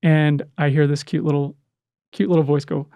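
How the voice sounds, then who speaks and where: A middle-aged man telling an emotional personal story in conversation, earnest and halting, with many restarts. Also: fairly high pitch, flat delivery, mellow, clear, resonant tone, no room sound. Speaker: podcast guest, adoptive father.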